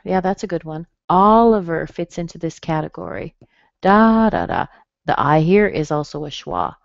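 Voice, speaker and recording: A woman's voice: lowish voice, darkish tone, no echo. A woman teaching a pronunciation webinar, patiently sounding out the syllables of names. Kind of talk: webinar lesson. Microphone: computer mic on a webinar. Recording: dry, slightly dull webinar audio.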